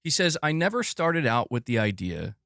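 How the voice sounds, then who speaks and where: A man's voice: medium pitch, very animated, normal speed, gravelly, fairly bright tone, no room sound, clean studio sound. A man hosting a casual gaming news show, joking and self-mocking as he reads. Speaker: host of a gaming news channel.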